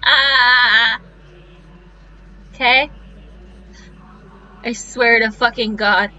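A woman's voice: fairly high pitch, fairly even intonation, drawn-out words, pushed and bright. A young woman streaming a game, joking, swearing and getting exasperated. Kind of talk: casual live-stream commentary. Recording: crunchy lo-fi stream audio.

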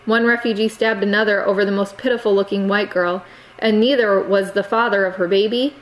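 A woman's voice: medium pitch, fairly even intonation, a little fast, lightly acted, poor audio. A woman reading aloud, voicing a stern, reproachful middle-aged aunt who lectures her niece. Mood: scolding.

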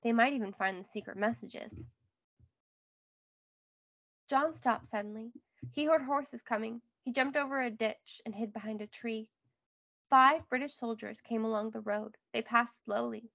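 A woman reading a children's book aloud in a clear, expressive storytelling voice. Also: a little high, no echo, lo-fi sound. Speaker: read-aloud narrator.

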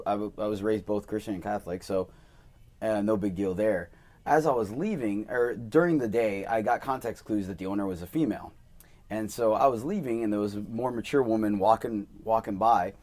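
A young man hosting a casual podcast interview, telling animated stories and acting out quoted voices. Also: lowish voice, fairly quick. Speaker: podcast host and male dancer.

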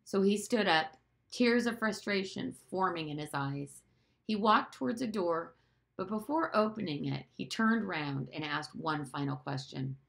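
Low-voiced woman reading a novel aloud. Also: expressive, measured pace, creaky. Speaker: audiobook reader.

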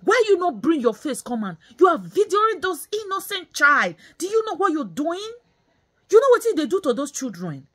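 Her voice here is high and a bit bright as she delivers more angry ranting commentary. Bitter and furious, this woman vlogger scolds by repeating herself and mixes in Nigerian Pidgin.

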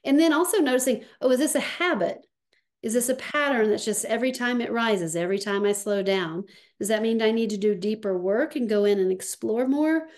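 A woman speaking as a somatics practitioner in an interview, slow and reflective, with soft pauses. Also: a little high. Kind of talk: conversational interview.

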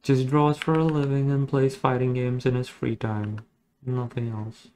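A man's voice: medium pitch, flat delivery, measured pace, darkish tone, slight background noise. A man chatting casually as he draws digitally, rambling along with jokes and self-deprecating asides. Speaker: digital artist. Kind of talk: casual commentary while drawing.

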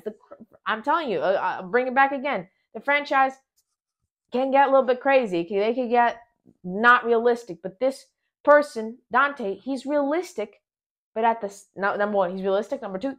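Excitable rambling woman reviewing a film. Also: fairly high pitch. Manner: excitable, rambling, frequent restarts. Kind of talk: casual spoiler review.

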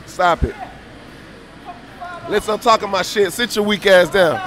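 Loud, brash trash-talking man. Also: high voice, a little slow, crowd noise. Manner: boastful, taunting, profane. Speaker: player trash-talking on a stream mic.

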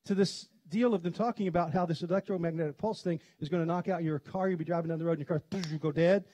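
Man, pastor, middle-aged, from Kentucky, sermon, husky, dry sound. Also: fairly high pitch, steady tone, mellow, no room sound. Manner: conversational storytelling, quick to laugh. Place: church sanctuary.

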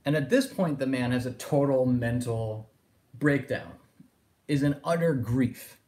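Male lecturer, discursive and reflective, middle-pitched voice. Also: unhurried, a little mellow. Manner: discursive, thinking aloud with fillers like "in a sense". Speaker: philosophy lecturer. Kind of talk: recorded lecture.

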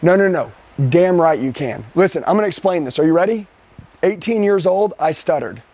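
A man with a high voice running a live sales training for a team. He coaches forcefully and keeps throwing rhetorical questions at the room. He shifts his pace, rushing some lines and drawing others out for emphasis. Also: lively intonation. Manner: speeds up and slows down for emphasis.

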